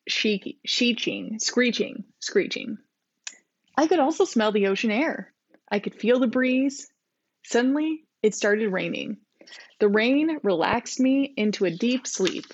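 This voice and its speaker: A woman's voice: fairly high pitch, no room sound. A woman co-hosting a podcast, reading her childhood fanfiction aloud and laughing at her own writing. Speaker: podcast co-host. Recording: dull lo-fi recording.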